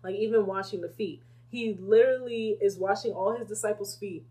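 Young woman teaching bible study, bit husky, acts out the quotes, laughs a lot. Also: medium pitch, a little fast, warm tone.

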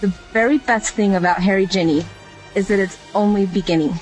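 A woman's voice: mid-range voice, a little fast, soft background music, rough recording. Enthusiastic woman caller. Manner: enthusiastic, thoughtful. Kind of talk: phone-in chat.

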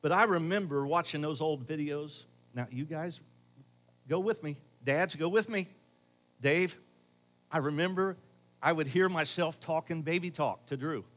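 Brief: middle-aged man, pastor, a touch high-pitched, conversational sermon with loud pushes and soft asides. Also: unhurried. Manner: conversational, varying loud emphasis and quiet asides.

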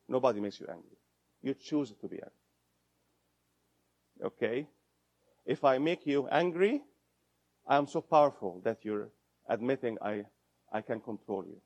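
Slow-paced man quizzing an audience. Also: medium pitch, darkish tone. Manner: deliberate, repeats points and quizzes the audience. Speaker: instructor. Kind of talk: interactive lecture to an audience.

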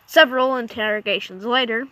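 A woman spins a silly adventure yarn in a high, bright voice. She jokes at her own expense and makes her own mouth sound effects. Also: a little fast, dry recording. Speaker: storyteller. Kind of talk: playful comic storytelling.

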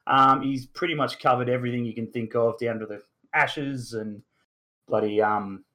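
An Australian man in his thirties hosts a casual sports chat show with a middle-pitched voice. He rambles freely, leaning on fillers and the occasional mild curse word. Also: steady tone, moderate pace, bright, forceful tone. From Newcastle, Australia. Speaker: podcast host.

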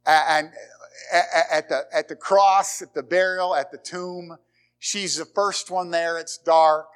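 Man preaching a lively sermon. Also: a little high, clear, resonant tone. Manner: conversational preaching with dramatic pauses and repeated phrases. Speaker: pastor. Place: church sanctuary.

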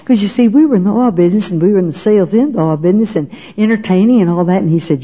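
Older woman, folksy testimony, husky and warm, on a muffled old recording. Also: mid-range voice, rapid-fire, hardly any pauses. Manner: folksy storyteller, often asks "you know what?". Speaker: speaker giving her testimony. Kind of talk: personal testimony to an audience. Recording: dull lo-fi recording.

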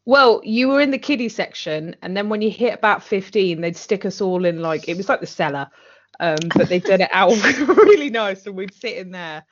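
A mid-range female voice at a moderate pace belongs to a podcast co-host recapping a TV drama in casual conversation. She's blunt and foul-mouthed, often laughing and dramatizing quotes, with dull lo-fi sound.

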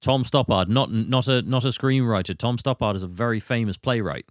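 A man from Britain hosting a casual film podcast, retelling scenes with animated swings and quick put-on voices. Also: mid-range voice, dry recording, studio quality. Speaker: podcast host.

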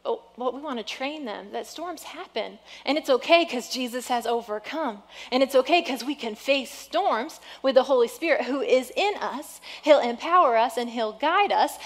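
A woman pastor preaching a sermon in a lively, conversational way. She mixes encouragement with self-deprecating humor, and her voice sits a little on the high side. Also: moderate pace, hardly any pauses, in a large hall.

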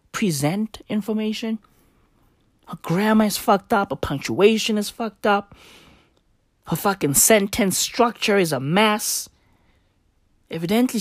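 A man's voice: high voice, no room sound, clean studio sound. A man ranting in a comic commentary vlog, mocking and emphatic, repeating himself and swearing freely. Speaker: commentary vlogger. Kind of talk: profane comic rant.

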